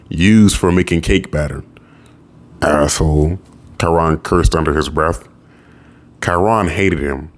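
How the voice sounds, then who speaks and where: Guy with a really low voice reading a novel out loud, steady storyteller. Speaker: narrator. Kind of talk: audiobook narration of a novel.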